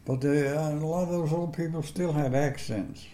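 A man's voice: a little high, normal speed, dark tone, echoey room. A man, telling rambling, folksy stories about his past in an interview. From northern Georgia, USA. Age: 80s. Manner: rambling folksy storyteller with plain country grammar. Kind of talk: casual storytelling interview.

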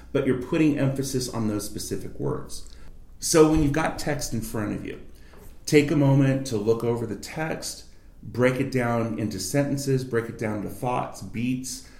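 A man's voice: medium pitch, a little mellow. A man, a voice actor, explaining reading technique as a guest in a library study room. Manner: coaching, demonstrates reading aloud. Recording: roomy echo.

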